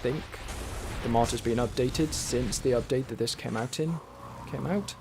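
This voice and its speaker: A man's voice: medium pitch, moderate pace, creaky, background noise. A man streaming a game, giving casual, wry, rambling commentary as he plays and talks to himself. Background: faint game music.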